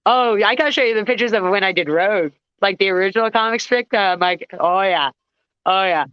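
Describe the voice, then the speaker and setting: A woman guest vocalist telling stories in a casual interview, animated and acting out the people in them. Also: medium pitch, a little fast, smooth, no echo, dull audio. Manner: animated, acts out voices in anecdotes.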